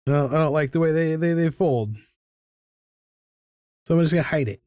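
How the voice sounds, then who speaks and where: A middle-aged man with a fairly high voice chats casually as he sketches, wandering from topic to topic and poking fun at himself. His sound is dry and close, with no room around it. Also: moderate pace, long pauses, darkish tone, no echo, soft background music. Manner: rambling, self-mocking and chatty. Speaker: artist hosting a live drawing stream. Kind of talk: casual chat while drawing. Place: home art studio.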